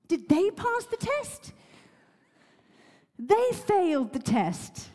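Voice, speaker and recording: A woman's voice: extremely high pitch, very animated, extremely slow, long pauses, mellow, in a large hall. A woman preacher giving a sermon, earnest and emotional, laughing now and then and using many fillers.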